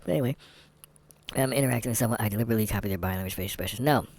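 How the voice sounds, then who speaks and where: A man's voice: on the low side, racing, darkish tone, no echo. A man vlogging candid commentary while taking a test, rambling, sarcastic and muttering asides to himself.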